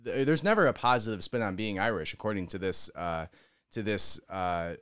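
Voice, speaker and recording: A man's voice: lowish voice, expressive, normal speed, fairly bright tone, clean tone, no room sound, studio quality. Sarcastic man reacting to a clip. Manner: sarcastic, mocking. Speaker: political commentator. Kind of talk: reaction commentary.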